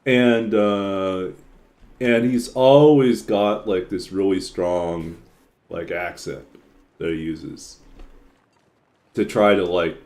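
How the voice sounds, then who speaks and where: A man's voice: low-pitched, steady tone, takes it slowly, pauses often, a little mellow. A man streaming a game and chatting casually, rambling with lots of filler words and frequent chuckles. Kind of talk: casual chat while playing.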